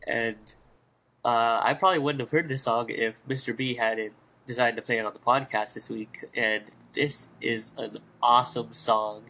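A man's voice: mid-range voice, fairly even intonation, normal speed, bright, forceful tone. A man co-hosting a podcast in casual chat, with dry teasing banter. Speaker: podcast co-host.

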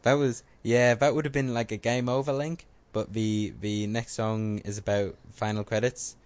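A man's voice: on the low side, level tone, moderate pace, a little mellow. A man co-hosting a podcast in casual chat, joking and self-mocking. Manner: joking, self-mocking, puts on funny voices. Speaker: podcast co-host.

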